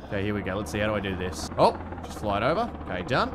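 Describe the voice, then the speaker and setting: A man from Australia with an Australian accent, giving casual gameplay commentary at home, excitable and sweary with rambling asides. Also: lowish voice, rapid-fire, background noise. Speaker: gaming video host.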